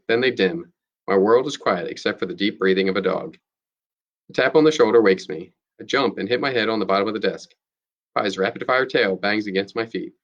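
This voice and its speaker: Male teacher, steady read-aloud to students, low voice, lo-fi sound. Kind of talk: reading a novel aloud to students.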